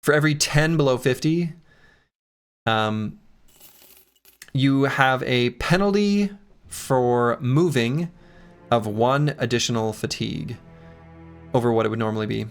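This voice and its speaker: A man's voice: mid-range voice, a little slow, pauses often, smooth, faint music behind. A man streaming a game, chatting casually in a joking, rambling and self-mocking way. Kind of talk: casual gameplay commentary and chat.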